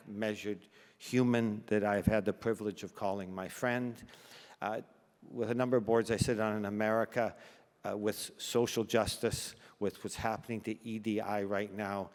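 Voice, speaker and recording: An older man from Canada giving an emotional acceptance speech, self-deprecating and halting, sometimes close to tears. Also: on the low side. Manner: self-deprecating humor, halting restarts, fighting back tears. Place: large banquet hall. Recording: long reverb of a large hall.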